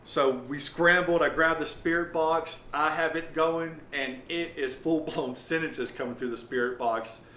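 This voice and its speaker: A man's voice: a little high, steady tone, bright, forceful tone. Man telling ghost stories, roomy. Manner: rambling, halting retelling with many fillers. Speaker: property owner and paranormal investigator. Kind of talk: casual storytelling interview. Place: inside an old lodge. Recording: roomy with faint noise.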